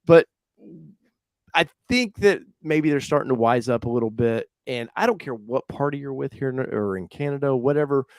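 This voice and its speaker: A man of ordinary pitch co-hosting a casual car livestream. He rambles, jokes and corrects himself mid-sentence. His voice sounds very dry, close to the mic with no room sound. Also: normal speed, no room sound. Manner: rambling, self-correcting, jokey. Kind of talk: casual live chat.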